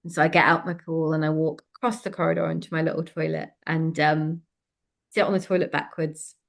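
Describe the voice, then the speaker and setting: A woman telling a personal story in conversation, frank and lively, with many fillers. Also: sits low, a little fast, gravelly. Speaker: interview guest.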